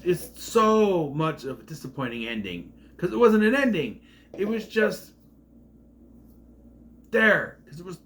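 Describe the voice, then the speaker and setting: A man's voice: fairly high pitch, fairly bright tone. A man rambling through an opinionated casual review vlog, often trailing off mid-thought. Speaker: TV series reviewer.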